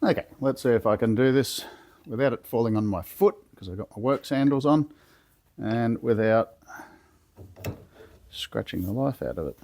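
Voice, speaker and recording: A man with a cold and a hoarse voice, talking through a car chassis rebuild step by step in a relaxed, plain-spoken way from his home garage. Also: medium pitch, normal speed, long pauses. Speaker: workshop builder demonstrating a chassis rebuild. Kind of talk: casual step-by-step how-to explanation.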